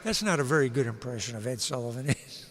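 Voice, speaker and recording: A man's voice: mid-range voice, animated, quick pace, fairly bright tone, dry recording. A man hosting a live music stream, chatting casually in a rambling, joking way. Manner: rambling, self-deprecating jokes.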